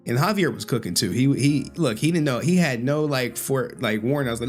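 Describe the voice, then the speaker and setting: Blunt, profane male streamer with lively pitch. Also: brisk, soft background music. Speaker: streamer reacting to a clip. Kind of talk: casual commentary. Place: home, late at night.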